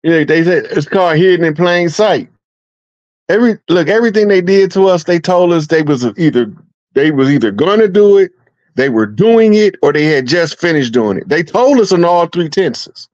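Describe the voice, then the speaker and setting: A man's voice: a little high, normal speed, no echo, highs cut off. A man, chatting casually and laughing often, telling stories with energy. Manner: laughing often, animated storytelling. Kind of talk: casual conversation.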